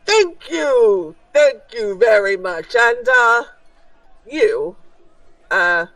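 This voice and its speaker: A woman's voice: mid-range voice, big pitch swings, drawn-out words, a bit bright, dry recording, far from the mic, exaggerated voice, rough recording. A woman voicing a fussy male circus ringmaster who stammers and gushes over the contestants in a tabletop game. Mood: flustered announcing. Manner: flustered, stammering, gushing.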